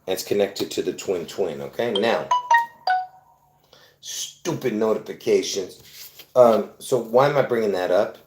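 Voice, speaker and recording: A video host with a fairly low-pitched voice talks a little slowly, pausing often, in a roomy space with loud music playing behind him. He rambles to his viewers, repeating himself, restarting, and leaning on fillers as he insists on his point.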